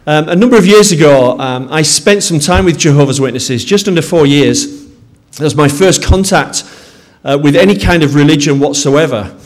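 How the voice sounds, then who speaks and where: A man's voice: fairly high pitch, normal speed, hardly any pauses. A man with a Yorkshire accent, a pastor speaking to a congregation in a sermon, friendly and self-deprecating with some hesitations.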